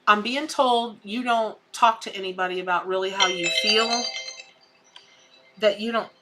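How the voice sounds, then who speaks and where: A woman's voice: medium pitch, a little slow, sharp tone, slight background noise. A middle-aged woman with a Southern US accent, giving effusive, folksy tarot readings on a live stream and calling viewers honey and baby. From American South. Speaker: tarot reader hosting a live charity stream.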